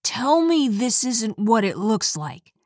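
A woman's voice: a little high, very animated, slow pace, a little mellow, dry recording, clean studio sound, heavily acted. A woman voicing a hurt and angry teenage boy who feels betrayed by his best friend, pleading and then accusing.

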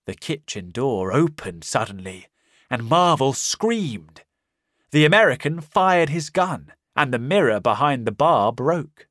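A man narrating a simplified storybook in a slow, clear, careful reading. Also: mid-range voice, sing-song, a bit bright, no echo, studio quality. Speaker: audiobook narrator. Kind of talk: scripted narration of a simplified reader.

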